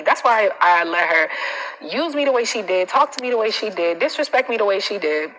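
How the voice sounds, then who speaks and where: A woman coach hosting a casual live stream, animated and emphatic, with a preachy manner full of slang asides. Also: mid-range voice, brisk, slight background noise, poor audio.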